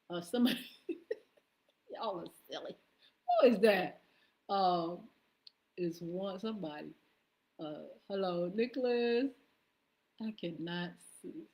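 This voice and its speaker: A woman hosting a live morning show stream, casually greeting viewers by name with lots of "uh" fillers and an upbeat, friendly manner. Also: medium pitch.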